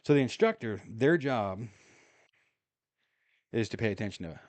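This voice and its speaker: A man's voice: on the low side, expressive, moderate pace, a little mellow, no room sound. A man telling a long story in a casual, rambling way while playing a game, full of fillers and chuckles. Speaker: gaming streamer.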